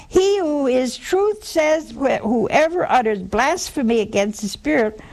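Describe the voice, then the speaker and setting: An older woman giving a spoken religious teaching to an audience, folksy and animated, jumping to high emphatic tones and then dropping low and hushed. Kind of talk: spoken Catholic teaching talk. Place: live talk before an audience.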